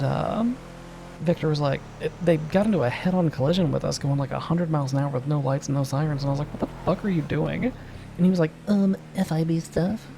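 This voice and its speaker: Woman streamer, gravelly, darker tone, animated swearing storyteller. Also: sits low, slight background noise, low-quality recording. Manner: animated, laughing, quotes others. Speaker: streamer playing a police role-play character.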